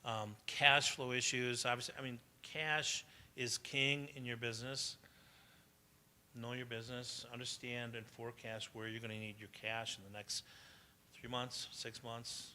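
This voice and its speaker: Bright, chatty man giving a talk. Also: medium pitch, little pitch movement, measured pace, a little hiss or hum. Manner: chatty, anecdotal, laughs often, asks the audience. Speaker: speaker at a business conference. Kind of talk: motivational talk to entrepreneurs. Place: live event venue.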